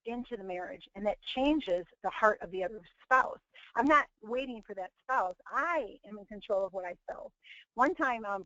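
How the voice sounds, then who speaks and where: A woman's voice: mid-range voice, a bit bright, no echo. A middle-aged woman hosting a motivational webinar. She talks earnestly, in a preachy way, with many restarts. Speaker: webinar host and team leader. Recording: dull, dry lo-fi webinar audio.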